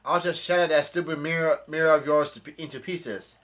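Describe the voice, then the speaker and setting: A man's voice: on the high side, fairly even intonation, fairly quick, fairly bright tone, natural voice. A man reading the lines of a fierce young rabbit girl from a comic, in a near-plain voice. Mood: frantic.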